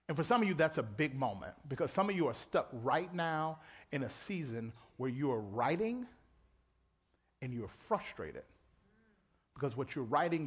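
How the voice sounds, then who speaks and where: A man pastor preaching a live sermon in a church auditorium, animated and conversational, calling out to the congregation. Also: mid-range voice, slightly rough.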